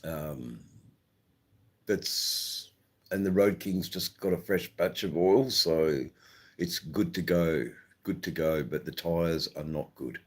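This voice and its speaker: Slow, deep-voiced Australian man chatting. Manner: rambling, relaxed, many ums and restarts. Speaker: livestream host. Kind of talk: casual live-stream chat, reading viewer comments.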